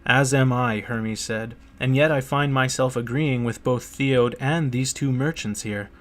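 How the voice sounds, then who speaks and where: A blunt noble lord in an audiobook who speaks his mind curtly, read by a man. The voice sits at an ordinary male pitch and stays dry and matter-of-fact. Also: measured pace, fairly bright tone, close to an everyday voice. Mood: firm. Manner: curt, dry. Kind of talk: audiobook character reading.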